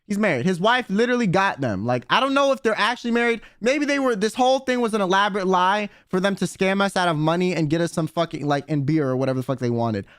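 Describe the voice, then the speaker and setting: A man's voice: sits high, expressive, fast, few pauses, fairly bright tone, smooth, no echo, studio quality. A young man streamer telling a story casually, rambling and swearing with many fillers. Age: young adult. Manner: rambling, profane, lots of "like" and "um".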